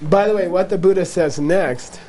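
At normal speed and in a mellow, high voice, a man teaches Buddhism to a live audience. He stays playful, repeating his points, acting out little exchanges and laughing often as he explains.

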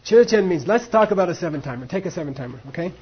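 A husky, high-pitched man leads a class, acting out both sides of a debate and dropping in Tibetan phrases. The recording sounds dull and lo-fi. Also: animated, racing. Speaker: Buddhist philosophy teacher. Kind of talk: teaching a class on monastic debate.

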